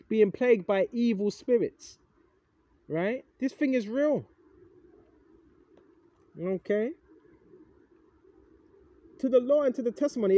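A man's voice: very high-pitched, mellow, highs cut off. A man giving an informal, rambling Bible lesson, emphatic and swearing casually, forever asking "right?". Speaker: preacher.

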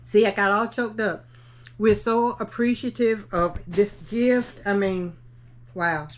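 Woman co-host chiming in softly. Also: medium pitch, fairly even intonation, slow pace. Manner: warm, chiming in with short agreements. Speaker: RV travel vlogger, co-host. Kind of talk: casual chat to camera.

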